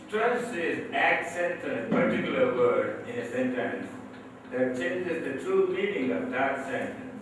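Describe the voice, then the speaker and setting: A man lecturing slowly and deliberately on English grammar at a training session. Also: mid-range voice, very animated. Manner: slow, deliberate classroom explanation. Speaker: communication skills trainer. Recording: echoey hall from far off, faint noise.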